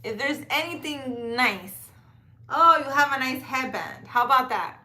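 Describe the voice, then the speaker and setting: A woman livestreaming from a park at night, speaking into a handheld phone in an unhurried, drawn-out way. Her voice is bright and forward, and she keeps breaking into laughter as she chats with viewers. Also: high voice, animated. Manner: chatty, laughs often, addresses viewers by name. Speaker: livestream tarot reader. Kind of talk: casual live chat reading viewer comments.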